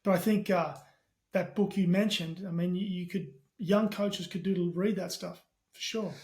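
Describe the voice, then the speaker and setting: Australian man, middle-aged, high voice, lively storyteller guest on a podcast. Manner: animated storyteller, talks fast with casual swearing. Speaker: podcast guest, tech company CEO. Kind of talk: casual podcast chat.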